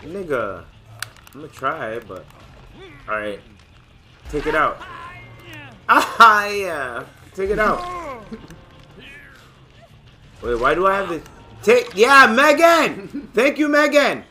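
A man casually commentating his gameplay, excitable and joking, with loud profane outbursts. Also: on the high side, slow, long pauses, faint music behind. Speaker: gamer and channel host.

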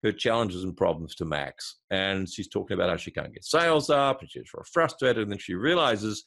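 A man who is a marketing consultant, a guest in an interview, explaining his ideas through a lively step-by-step storytelling example. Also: on the low side, moderate pace, gravelly.

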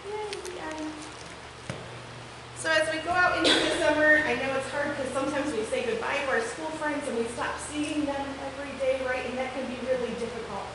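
A young woman leading a children's message at a church service, encouraging the kids and reading a picture book aloud. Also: high-pitched. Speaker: children's time leader. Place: church sanctuary. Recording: echoey sanctuary with background noise.

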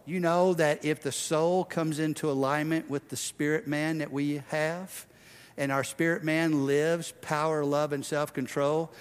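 A male pastor delivers an impassioned sermon, his slightly high voice rising to loud, driving declarations and then dropping to hushed, intimate passages. The sound rings with the long reverb of a church hall. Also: smooth.

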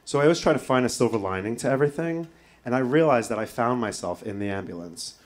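A male comedian telling a story on stage in an animated way, swearing freely and breaking into impressions. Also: mid-range voice, fast talker, background noise. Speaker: stand-up comedian. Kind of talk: stand-up storytelling. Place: stage before a live audience.

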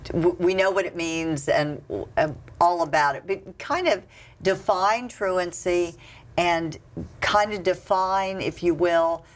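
A woman hosts a local interview show, talking in a relaxed, chatty way. Her voice sits a bit low. She often trips over the start of a question and begins it again. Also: takes it slowly. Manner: chatty, frequent restarts and fillers. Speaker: talk show host. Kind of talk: casual interview.

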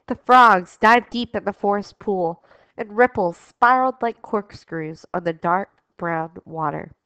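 A woman's voice: mid-range voice, unhurried, fairly bright tone, smooth, dry recording. A woman teacher reading a storybook aloud expressively, then giving class instructions. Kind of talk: storybook read-aloud lesson. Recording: dull dry lo-fi recording.

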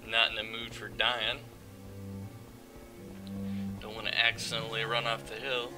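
A man's voice: on the low side, monotone, a little slow. A man casually commenting while playing a video game, rambling and joking as he goes. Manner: offhand, rambling, jokey. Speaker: gameplay video host. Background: game music.

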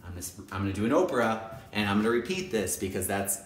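A man's voice: on the low side, fast, a little hiss or hum. Upbeat teacher guy talking to camera, swoops all over the place, hammers his points home. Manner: animated, repetitive and emphatic. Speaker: kindergarten teacher. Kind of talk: casual direct-to-camera talk. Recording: roomy echo.

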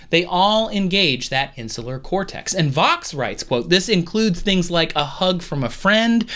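A man's voice: high-pitched, a bit bright. A man hosting a science explainer video at home, talking casually with playful, jokey asides.

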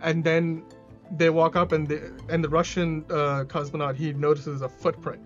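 A man with a slightly raised voice talks through a TV episode on a podcast. He rambles excitedly, piling up fillers and restarts as he goes. The recording sounds dull and lo-fi, with faint music underneath. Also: a little high, normal speed. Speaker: podcast host reviewing a TV episode. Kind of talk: casual conversational review.

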